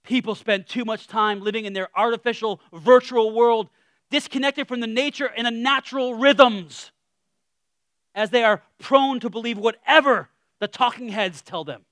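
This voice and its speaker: A man preaching a casual, humorous sermon, animated, with self-deprecating asides that trail off quietly. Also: very high voice, normal speed, no room sound, clean studio sound.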